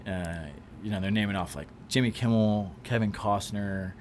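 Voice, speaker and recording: A man and actor, a podcast guest, telling an animated story in casual chat and acting out what people said. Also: on the low side, normal speed, slight background noise. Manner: animated anecdote-telling, acts out quotes.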